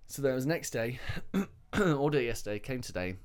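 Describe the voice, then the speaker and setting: A man's voice: medium pitch, fairly quick. A man, a podcast host in casual chat, telling stories and acting out the voices he quotes. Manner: animated storyteller, acts out quoted voices.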